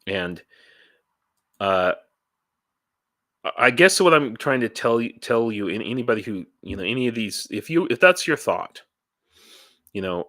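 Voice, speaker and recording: A man talking casually on his vlog, halting and rambling with many restarts, tired and dehydrated, blunt and ranty. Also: lowish voice, big pitch swings, pushed and bright, dry recording, clean studio sound. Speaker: YouTuber and volunteer in Ukraine.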